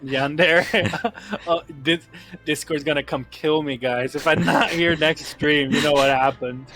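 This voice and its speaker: Slow-talking, giggly man on a game stream. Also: on the high side, steady tone, fairly bright tone, soft background music. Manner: giggly, teasing. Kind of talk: casual chat. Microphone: headset or desk mic on a voice call.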